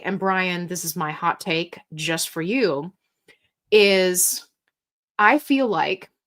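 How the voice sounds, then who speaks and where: Slow-talking woman hosting a live Q&A. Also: medium pitch. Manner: chatty and candid, reads viewer comments aloud and reacts. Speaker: livestream host answering viewer questions. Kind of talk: casual live Q&A chat.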